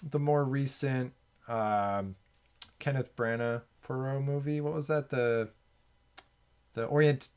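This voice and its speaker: Man, podcast host, casual film chat, rambling, lots of fillers, mid-pitched voice. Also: slow pace, pauses often, a little mellow, clean tone. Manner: rambling, many fillers and restarts.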